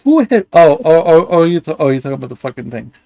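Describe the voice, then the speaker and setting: A man's voice: a little high, sing-song, fast, creaky, warm tone, no echo. Ranting, stammering male stream host. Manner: angry, insulting, stammers and restarts. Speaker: livestream commentary host. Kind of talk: profane ranting stream talk.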